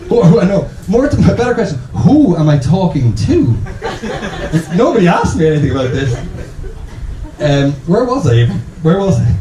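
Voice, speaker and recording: A man's voice: fairly high pitch, sing-song, moderate pace, echoey room, crowd noise, low-quality recording. An Irish man in his thirties doing a rambling, self-interrupting stand-up comedy set in a small bar venue. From Ireland.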